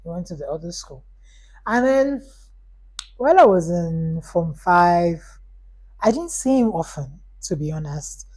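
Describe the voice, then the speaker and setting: A woman's voice: on the low side, unhurried, pauses often, slightly rough, poor audio. A young adult woman telling a personal story on her vlog, rambling with lots of "like"s and acting out the dialogue. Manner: animated, rambling, many "like"s, acts out dialogue. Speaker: vlogger.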